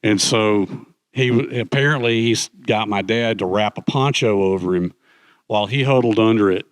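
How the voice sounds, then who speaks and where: Middle-aged male guest, low voice, dry close mic, lively anecdotal storyteller. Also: moderate pace, dry recording. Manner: animated, acts out quoted voices. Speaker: guest speaker, author. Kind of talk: conversational storytelling.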